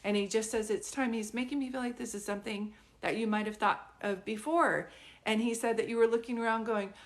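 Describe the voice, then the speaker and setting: Fairly high-pitched and fairly quick, with a steady tone, this woman gives a live psychic reading. She rambles conversationally, uses many fillers, and pleads earnestly to know whether what she says makes sense.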